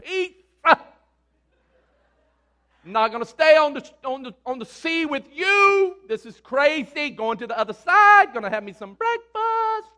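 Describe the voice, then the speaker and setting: A preacher putting on a breezy, joking Jesus. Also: male voice, extremely high pitch, big pitch swings, unhurried, bright, forceful tone, voice pushed up, exaggerated voice. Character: casual offhand Jesus as a grown man.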